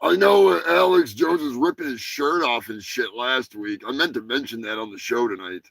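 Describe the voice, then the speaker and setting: A man's voice: medium pitch, lively intonation, moderate pace, vocal fry, fairly bright tone, no room sound. A man hosting a live show, talking in a crude, rambling, joking way. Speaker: podcast host. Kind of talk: casual live show commentary.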